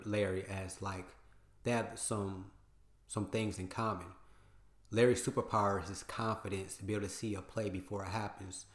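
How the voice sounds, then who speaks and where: A man's voice: lowish voice, fairly bright tone. Slangy man reacting in an echoey room. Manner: casual and slangy, repeats lines for emphasis. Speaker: reaction video host. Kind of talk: casual commentary. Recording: roomy echo.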